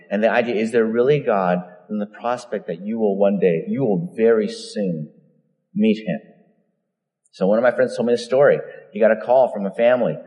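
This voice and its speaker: A man's voice: on the low side, moderate pace. A man preaching a sermon, telling stories and acting out the voices he quotes. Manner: storytelling, animated, acts out quoted voices. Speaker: pastor. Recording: long reverb of a large hall.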